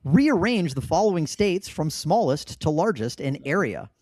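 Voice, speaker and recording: A man's voice: on the high side, big pitch swings, normal speed, darkish tone, no echo, studio quality. A man hosting a casual podcast trivia game, joking and laughing easily as he reads out the questions. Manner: laughs often, loose and joking. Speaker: trivia quiz host.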